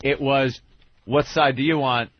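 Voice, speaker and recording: A man's voice: medium pitch, steady tone, unhurried. A male radio host talking with a guest, thinking things through in an earnest, questioning way. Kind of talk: radio show talk. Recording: lo-fi radio broadcast.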